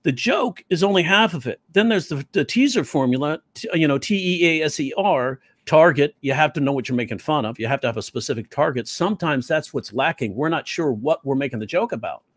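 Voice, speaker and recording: A man who teaches comedy telling stories in an interview, animated and slipping into quoted voices. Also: fairly high pitch, fairly quick, hardly any pauses, no echo. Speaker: comedy teacher and stand-up comic. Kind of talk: storytelling interview talk.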